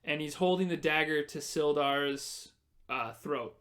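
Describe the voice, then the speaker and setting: A man's voice: a little high, measured pace, a bit bright. A man running a tabletop game as game master, narrating the action and explaining the rules as he goes.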